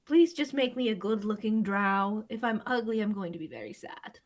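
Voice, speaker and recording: A woman's voice: medium pitch, lively intonation, normal speed. A woman playing a tabletop game, joking and teasing the others. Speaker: player.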